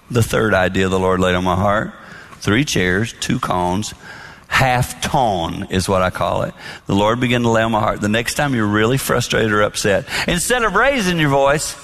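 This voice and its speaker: A man giving a marriage talk to an audience, telling stories and acting out dialogue in soft voices. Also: fairly low pitch. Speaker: marriage speaker.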